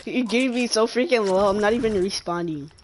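A woman in a casual gaming session, teasing the other players and breaking into laughter. Her voice sits at an ordinary middle pitch. Gunfire and clicks from the game come through clearly behind her. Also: normal speed, background noise. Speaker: gamer streaming online matches. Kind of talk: casual chat over game voice chat.

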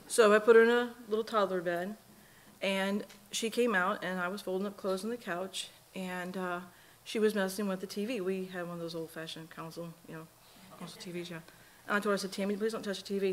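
A woman's voice: on the low side, a little hiss or hum. A middle-aged woman, a mother speaking at a memorial service, telling earnest, folksy stories about her daughter with lots of quoted dialogue. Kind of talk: personal eulogy storytelling. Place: church sanctuary.

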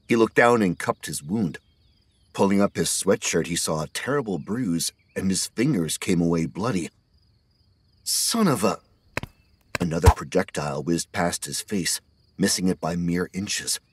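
A man narrating an audiobook horror story in a steady scripted reading. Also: low voice, a little hiss or hum.

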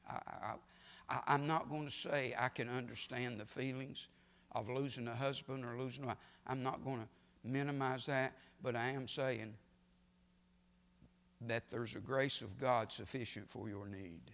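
A man preaching a sermon in a church, swinging from quiet storytelling to sudden loud, emphatic rises. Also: medium pitch, fairly even intonation, normal speed, creaky. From United States. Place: church sanctuary. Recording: long church reverb.

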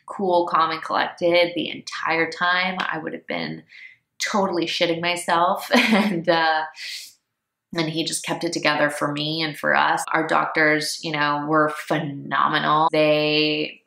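Chatty woman with a low, creaky voice. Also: flat delivery, unhurried, bright, forceful tone. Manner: chatty, laughing, emotional, with lots of fillers. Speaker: vlogger. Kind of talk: casual personal storytelling. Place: home room, indoors. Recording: echoey room.

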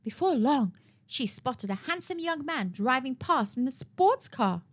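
Woman reading a children's book, high and lively voice, expressive storyteller. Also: a little slow, highs cut off. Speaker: storytime reader. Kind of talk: children's read-aloud narration.

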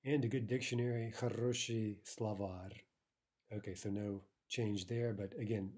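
A man teaching a recorded language lesson, explaining patiently, with fillers and restarts, and slowing down to read example words. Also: on the low side, fairly even intonation, darkish tone, slightly rough.

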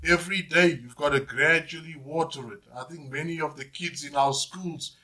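A man's voice: on the high side, normal speed, bright, forceful tone, slight background noise. A man, preaching a sermon as pastor, emphatic and repetitive, often saying "Praise God". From South Africa.

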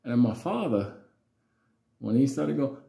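A man's voice: medium pitch, big pitch swings, unhurried, vocal fry, warm tone. A man telling a childhood story in a casual, rambling, profane way with lots of fillers. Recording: roomy echo.

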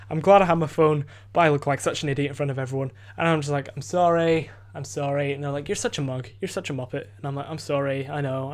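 A teenage boy rambles through a story on his home podcast, speaking quickly in a slightly high voice. He restarts sentences constantly, leans on "like" and "you know", and swears without thinking. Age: teens. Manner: rambling, many fillers and restarts, swears freely. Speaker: podcast host. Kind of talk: casual storytelling. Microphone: desk microphone.

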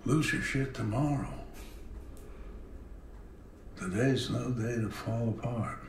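An actor playing a frail, wry old man who speaks in a gravelly, unhurried way, from a TV drama clip. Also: medium pitch, a little hiss or hum. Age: older. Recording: roomy film clip with faint ambience, distant.

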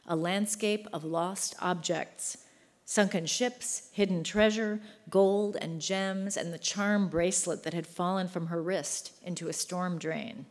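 A woman's voice: on the low side, fairly even intonation. A woman reading her novel in a hall. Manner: measured, literary reading. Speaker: author. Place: large book fair venue. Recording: long hall reverb.

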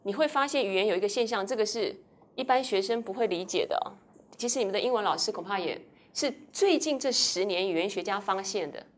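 A woman's voice: mid-range voice, lively intonation, fast talker. A woman lecturing a university class, switching between Mandarin with a Taiwanese accent and English, quizzing students as she explains. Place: lecture hall.

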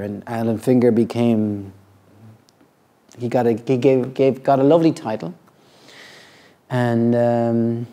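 A middle-aged man, a yoga teacher, talking reflectively and earnestly about his practice, halting often and restarting his sentences. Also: medium pitch, dark tone. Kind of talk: reflective personal talk.

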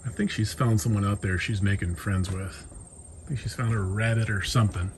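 A man's voice: fairly low pitch, fairly even intonation, a little fast, slight background noise. A man talking to his dogs in a coaxing, sing-song way while he gets their lunch ready, first outdoors and then inside. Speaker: dog vlogger. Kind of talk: casual talk to his dogs. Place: outdoors in a yard, then indoors.

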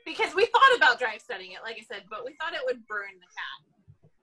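A woman, an animal control officer, telling a story from her work in an animated, casual way, laughing often. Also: on the high side, brisk, faint music behind, poor audio.

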